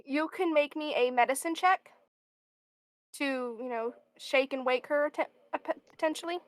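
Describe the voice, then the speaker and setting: A woman narrating a tabletop game as game master, in a casual manner that pauses to search for words. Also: high voice, no room sound, poor audio.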